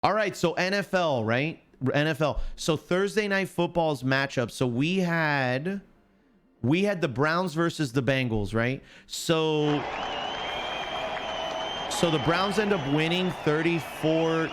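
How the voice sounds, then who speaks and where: A man's voice: fairly high pitch, lively intonation, takes it slowly, some chatter behind. Chatty man hosting a sports stream. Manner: chatty, talks straight to chat viewers; confident, emphatic predictions. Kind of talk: casual live-stream sports talk.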